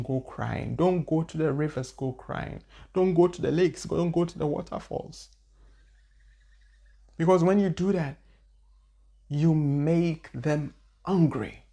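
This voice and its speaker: A woman's voice: on the low side, gravelly, warm tone. A woman spiritual teacher telling her own story in an earnest, repetitive way. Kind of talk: personal testimony talk.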